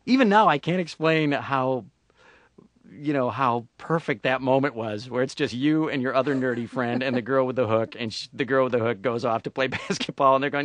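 A man with an upstate New York accent and a nasal voice, a voice actor telling stories in a casual radio interview, with quick turns into impressions. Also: mid-range voice, dry recording. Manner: animated storyteller, slips into impressions and laughs often. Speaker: voice actor guest.

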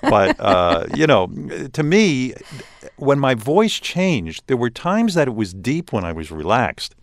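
An older man with a New York accent, talking in a casual interview and telling stories in an animated, self-mocking way. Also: mid-range voice, measured pace, no echo, studio quality. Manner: animated, self-mocking storytelling with frequent restarts. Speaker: radio host as guest.

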